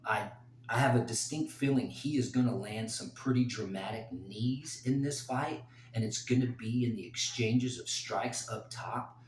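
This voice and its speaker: A man giving his fight picks in a casual, rambling solo talk that turns emotional and excited. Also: lowish voice, reverberant, slight background noise. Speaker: host making fight picks.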